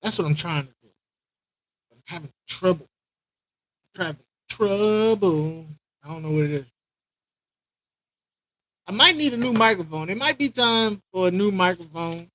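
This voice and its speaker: A high-pitched man hosts a casual live stream from home, rambling and repeating lines as he greets viewers by name. His voice sits close and dry on the mic, with little room sound. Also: fairly bright tone, dry recording, low-quality recording. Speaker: aquarium channel host.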